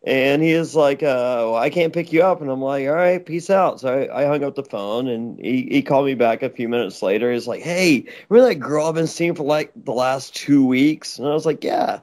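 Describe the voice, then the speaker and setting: A man's voice: mid-range voice, normal speed, hardly any pauses, a little mellow. Stammering, laughing man telling a story. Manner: rambling, stammering, laughs often. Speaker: interview guest. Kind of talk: casual storytelling with crude jokes. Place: Los Angeles.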